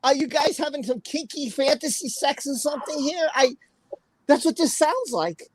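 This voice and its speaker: A young woman hosting a live stream, with a high, bright-pitched voice. She giggles constantly and breaks into loud exclamations. Casual and chatty throughout. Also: lively intonation, moderate pace, dry recording, poor audio. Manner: giggly, laughs often, exclaims a lot. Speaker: livestream host.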